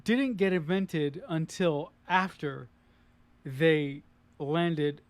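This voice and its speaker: A man with a notably high voice talks through a film's story in a relaxed discussion. He rambles and restarts his sentences often. The recording is dry and close, with no room sound. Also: extremely slow, no echo. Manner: retells the plot loosely, with many fillers and restarts. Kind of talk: casual film discussion.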